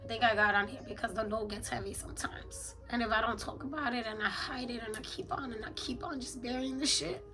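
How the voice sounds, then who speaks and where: A woman's voice: fairly high pitch, brisk, few pauses, music in the background, low-quality recording. A woman in her thirties speaking in a candid confessional journal, weary and blunt, swearing often. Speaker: mother journaling on camera.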